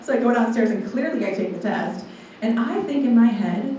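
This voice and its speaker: A young woman in her twenties tells a personal testimony to a room full of people, her tone warm and mellow. She tells it in a lively way and acts out what people said. Her voice comes from well back off the mic and rings through a big echoey hall, with faint ambience behind it. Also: on the high side, brisk, few pauses, recorded from a distance, a little hiss or hum. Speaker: guest speaker. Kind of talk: personal testimony told to an audience. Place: large room with a live audience.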